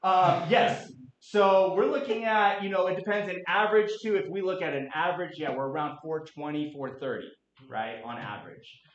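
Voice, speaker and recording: A man in his late thirties presenting a real estate market update to a room, energetic and quizzing the audience. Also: sits high, moderate pace. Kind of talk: interactive office presentation. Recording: echoey room, dull lo-fi sound.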